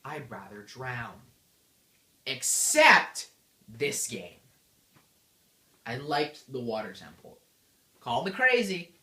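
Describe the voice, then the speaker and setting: A low-pitched woman retells a game in a bubbly, gushing way, her voice swooping up and down all the time. She speaks in an echoey room. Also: pushed and bright. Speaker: game reviewer. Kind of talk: casual game recap.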